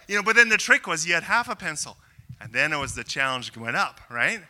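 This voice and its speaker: An older man from Canada preaching a sermon, telling a self-deprecating story with rising excitement. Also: fairly high pitch, brisk, slight background noise. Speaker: pastor.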